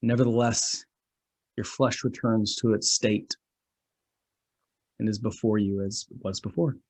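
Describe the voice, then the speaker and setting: Husky-voiced male game master. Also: on the low side, fairly even intonation, measured pace, darkish tone. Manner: descriptive, dramatic scene narration. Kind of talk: narrating a tabletop game.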